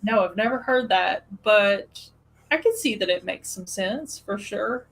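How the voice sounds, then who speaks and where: A woman's voice: mid-range voice, measured pace, poor audio. Chatty woman hosting. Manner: animated storyteller with frequent laughs and fillers. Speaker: podcast host. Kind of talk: casual chat.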